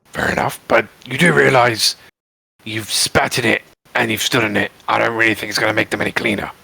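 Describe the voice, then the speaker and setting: A man answers in character with dry, cheeky retorts. His lowish voice is very husky and heavily gravelly, recorded close and dry. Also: fairly even intonation, fairly quick, pushed and bright, no echo. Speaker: player. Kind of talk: in-character tabletop play.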